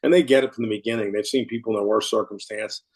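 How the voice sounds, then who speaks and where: A man's voice: lowish voice, fairly even intonation, racing, slightly rough. A middle-aged American man telling a story in a casual interview, chuckling often and restarting his sentences. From United States. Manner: warm anecdotal, laughs often, many restarts. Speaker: podcast guest.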